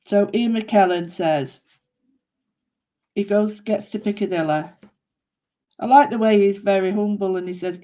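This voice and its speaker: A woman's voice: mid-range voice, a little slow, long pauses, highs cut off. A woman chatting casually to viewers while she doodles, rambling and thinking aloud as she works. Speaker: craft vlogger.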